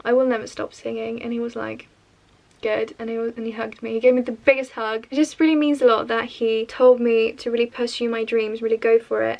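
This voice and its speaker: A woman's voice: a little high, vocal fry. A young woman from Sweden, a native Swedish speaker, telling a story as a chatty, gushing vlogger. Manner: chatty, gushing, quoting others in quick bursts. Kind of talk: storytelling vlog voice-over.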